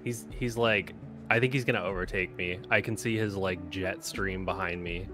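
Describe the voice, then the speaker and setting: A man's voice: deep voice, steady tone, moderate pace, over music. A man chatting casually during a flight sim stream, talking in a hesitant, slightly unsure way. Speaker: co-pilot friend on stream. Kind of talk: casual chat while gaming.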